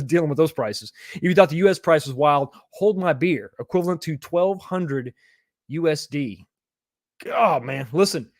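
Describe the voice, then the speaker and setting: A man's voice: fairly high pitch, no room sound, clean studio sound. Chatty man hosting a live stream. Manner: chatty and reassuring, addresses viewers as buddy. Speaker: livestream host reading chat. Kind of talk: casual live chat.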